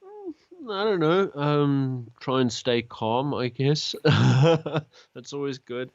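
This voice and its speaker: A man with a South African accent, a guest talking in a thoughtful, halting way with restarts in a casual interview. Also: medium pitch, big pitch swings, gravelly, no room sound, dull audio. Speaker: guest, fellow YouTuber.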